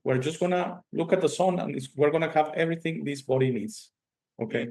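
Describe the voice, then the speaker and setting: A man's voice: fairly high pitch, a little fast, gravelly. A male host with Spanish as his first language, telling stories emphatically and tagging sentences with "okay?". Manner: animated storytelling, frequent "okay?" tags, emphatic. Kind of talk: casual conversation.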